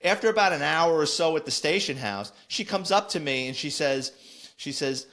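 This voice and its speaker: Blunt New ex-cop telling stories. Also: male voice, on the high side, moderate pace. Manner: animated, blunt, acts out quoted voices. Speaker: former police officer, podcast host. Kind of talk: casual anecdote storytelling.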